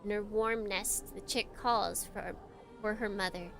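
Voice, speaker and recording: A woman streamer playing a visual novel, laughing at the story and reading its narration aloud in a hushed, dramatic tone. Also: mid-range voice, steady tone, unhurried, soft background music. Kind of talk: let's play commentary and dramatic reading.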